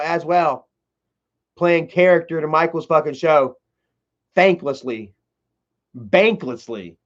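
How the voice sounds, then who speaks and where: A man with a high voice tells a family story on a livestream, swearing and rambling through lots of "you know" and "man". The sound is dull and lo-fi. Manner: profane, rambling, heavy fillers.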